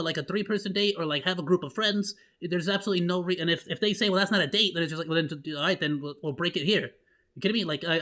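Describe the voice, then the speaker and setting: A man hosting a casual reaction stream, loud and rambling with many restarts. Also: high voice. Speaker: vtuber host.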